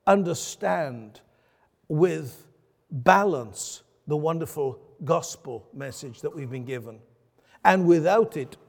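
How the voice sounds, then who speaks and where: A pastor with a high voice delivers a sermon in a reverberant hall, preaching earnestly and emphatically and posing rhetorical questions.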